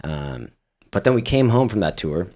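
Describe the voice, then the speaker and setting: A man's voice: low voice, big pitch swings, moderate pace, a little mellow. A young man from Las Vegas, a guest musician, telling rambling stories in casual interview chat, full of fillers. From Las Vegas, United States. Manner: rambling storytelling with many fillers and laughs.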